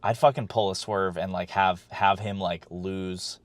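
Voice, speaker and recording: A man's voice: sits low, steady tone, a little slow, no room sound. A man co-hosting a podcast, chatting casually and rambling a bit, with fillers and the odd swear. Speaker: podcast co-host. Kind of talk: casual wrestling chat.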